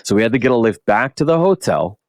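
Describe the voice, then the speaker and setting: A middle-aged man, a podcast host, telling a long convention story in casual chat, animated and swearing often. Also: mid-range voice, quick pace, no room sound, clean studio sound.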